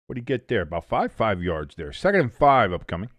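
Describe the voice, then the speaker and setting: Animated man teasing during a game. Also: lowish voice, fast, no echo. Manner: rambling teasing banter mixed with play-by-play. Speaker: watch-along host. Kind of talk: casual live sports watch-along chat.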